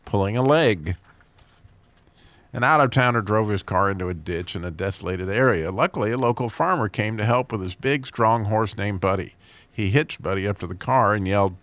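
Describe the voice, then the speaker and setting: Low-voiced man reading jokes, chuckling. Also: moderate pace, fairly bright tone, no room sound. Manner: chuckles at his own jokes; lifts his pitch for quoted characters. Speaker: host. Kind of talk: reading jokes and funny stories.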